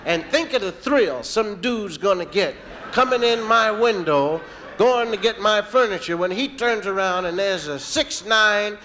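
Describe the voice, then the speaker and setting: Comedian guy riffing, animated, bright tense voice, faint noise behind. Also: high voice. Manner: animated storytelling, jumps between impressions. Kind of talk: stand-up comedy.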